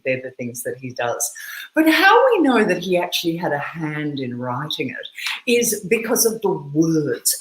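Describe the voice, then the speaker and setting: Woman analyst with an Australian accent, low voice, very lively intonation, emphatic delivery, echoey room. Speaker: communication analyst. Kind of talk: explanatory talk to camera.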